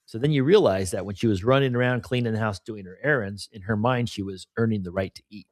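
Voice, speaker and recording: A man's voice: mid-range voice, lively intonation, brisk, hardly any pauses, no echo, clean studio sound. A middle-aged man talking candidly and at length in a casual podcast conversation, often adding "you know" and "right?". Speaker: podcast co-host.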